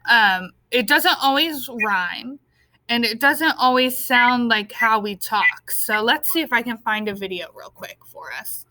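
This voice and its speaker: A woman's voice: fairly high pitch, measured pace, sharp tone, no room sound, poor audio. A woman teacher talking casually to her class on a video call, thinking aloud as she looks for a clip.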